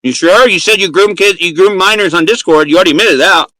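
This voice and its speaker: Bright, lively-voiced man angrily accusing. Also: sits high, no room sound. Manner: loud, accusing, profane, rapid interrupting. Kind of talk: heated voice chat argument.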